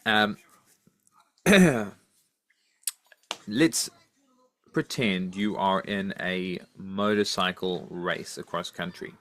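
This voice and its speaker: A man co-hosting a podcast, asking playful questions in an unhurried way and laughing easily. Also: low voice, a bit bright, slight background noise. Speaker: podcast co-host. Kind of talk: casual chat, asking questions.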